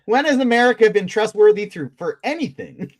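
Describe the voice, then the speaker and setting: Co-hosting a live fan podcast, a high-pitched man recaps things in a casual, self-amused chat full of stumbling restarts. He speaks fairly quickly with lively intonation.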